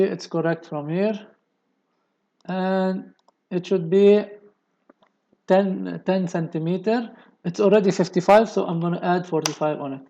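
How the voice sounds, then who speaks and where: Guy slowly talking thru a cad drawing, mellow voice, kinda muffled lo-fi mic. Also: fairly high pitch. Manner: slow, step-by-step explaining with many okays. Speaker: engineering tutorial presenter. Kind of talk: screen-recorded software tutorial.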